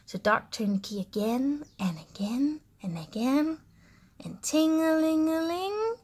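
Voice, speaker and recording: A woman reading a children's storybook aloud in an animated, sing-song way. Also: sits high, measured pace.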